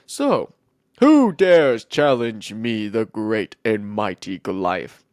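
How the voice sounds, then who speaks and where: A man voicing Goliath, a boastful giant warrior who speaks in slow, taunting threats. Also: fairly low pitch, lively intonation, a little mellow, no room sound, studio quality, voice pushed down.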